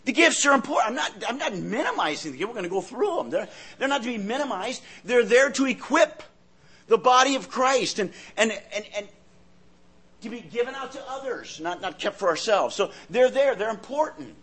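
A man preaching a sermon in an earnest way, often repeating words as he searches for the next thought, his loudness rising and falling. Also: very high-pitched, lively intonation, a little fast, breathy edge.

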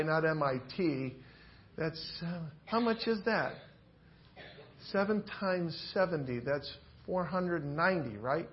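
A man's voice: high-pitched, lo-fi sound. A male preacher giving a sermon, talking animatedly and acting out the story in different voices.

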